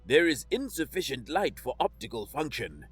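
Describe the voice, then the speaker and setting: A man's voice: mid-range voice, very animated, moderate pace, a bit bright, husky, faint music behind. A man voicing a precise, anxious alien guide with a synthesized-sounding voice, speaking in clipped phrases in a sci-fi audiobook.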